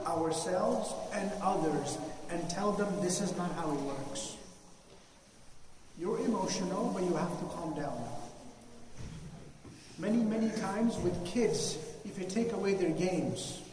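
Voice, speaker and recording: A man's voice: high voice, noisy background. A man and parent, giving an earnest, plain-spoken religious reminder about parenting, repeating his points. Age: adult parent. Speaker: Islamic speaker giving a reminder. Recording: echoey hall from far off.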